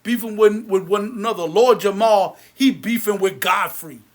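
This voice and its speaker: A man with a rather high voice rants to camera, heated and bitter. He repeats himself and restarts his lines, then lets his voice drop low and quiet in tired stretches. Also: moderate pace. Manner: repetitive, many restarts. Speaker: movie theater owner. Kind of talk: angry rant to camera.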